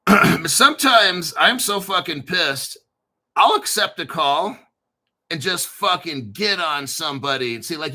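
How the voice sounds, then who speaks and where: Crypto guy ranting on his stream, swears a lot, cocky, sharp bright tone. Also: on the high side, expressive, normal speed. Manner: profane, blunt and boastful. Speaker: crypto channel host. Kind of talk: casual unscripted livestream talk.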